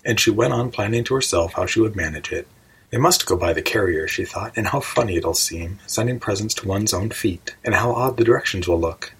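A man narrating a storybook in a measured, even reading voice. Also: fairly low pitch, husky, rough recording. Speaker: audiobook narrator.

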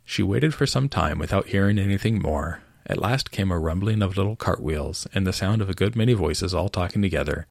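A man reading a storybook aloud as narrator in an expressive, measured way. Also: low-pitched, gravelly, no room sound, studio quality.

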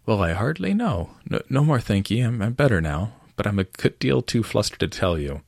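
A man's voice: fairly low pitch, very animated, normal speed, gravelly, a little mellow, dry recording, clean studio sound, pitched above the performer's own voice, heavily acted. A man voicing a feeble, flustered little creature who stammers out his tale, in a storybook reading.

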